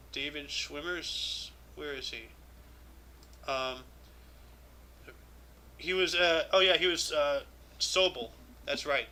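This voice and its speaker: A man with a high, piercing voice runs through a history calendar in casual, off-the-cuff commentary. He is irreverent and swears freely, musing aloud between entries. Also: pushed and bright, rough recording. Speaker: host reading a daily history calendar.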